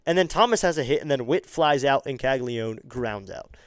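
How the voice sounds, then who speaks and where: Speaking at a moderate pace in a clear, resonant tone, this man offers amateur play-by-play of a baseball game as a fan streamer. Exciting plays send his pitch and volume soaring, while quieter moments bring relaxed asides to the audience. The recording is dry and studio-clean.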